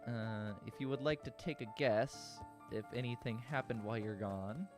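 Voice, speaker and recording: A man's voice: mid-range voice, moderate pace, music in the background. A man casually commentating a story game and joking with his chat. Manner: relaxed, joking and chatty with chat. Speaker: game streamer. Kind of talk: casual let's-play commentary.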